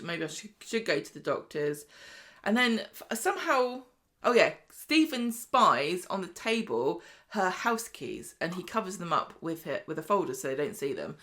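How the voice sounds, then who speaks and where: A woman co-hosting a casual podcast, chatty, retelling scenes with quick asides. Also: lowish voice, fairly bright tone. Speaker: podcast co-host. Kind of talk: casual soap recap chat.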